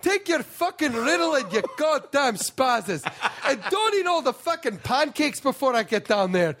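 A man's voice: very high-pitched, very animated, moderate pace, fairly bright tone, pitched above the performer's own voice, full character voice. A man putting on a bossy, profane male camp counselor with a Scottish accent. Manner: barking orders, swearing.

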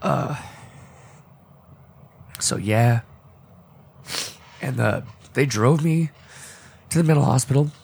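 A man on a podcast telling a deeply personal story in a halting, emotional way, often restarting his sentences and choking up. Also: gravelly, a little mellow, husky. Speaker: podcast co-host. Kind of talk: personal storytelling in casual talk.

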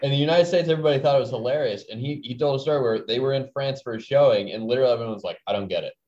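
A man on a chat panel telling stories in an animated way. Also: medium pitch, rapid-fire, lo-fi sound. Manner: animated storyteller.

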